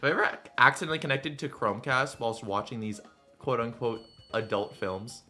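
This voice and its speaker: A man's voice: mid-range voice, a little fast, faint music behind. A man in his twenties, a streamer telling stories in a rambling, casual way full of fillers while he plays a game. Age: 20s. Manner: rambling, filler-heavy, animated. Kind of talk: casual storytelling while gaming.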